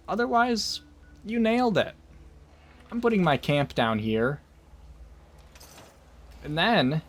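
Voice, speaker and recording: A man rambles slowly to his livestream chat as he plays, tossing out little jokes and asides. His voice sits a bit high for a man. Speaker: streamer. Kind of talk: casual gaming livestream chat.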